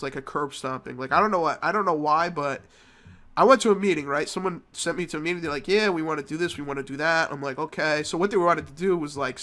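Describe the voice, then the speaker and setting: Bright-voiced, cursing man gaming vlogger. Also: a little high. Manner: rambling, profane storytelling. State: sick with a cold. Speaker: mobile game channel host. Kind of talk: casual gameplay commentary.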